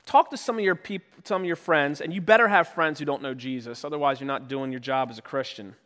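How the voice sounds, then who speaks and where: This sermon comes fast from a male pastor with a high voice, echoing through the long reverb of the sanctuary. He talks to the congregation conversationally but bursts into loud shouting when playing out stories.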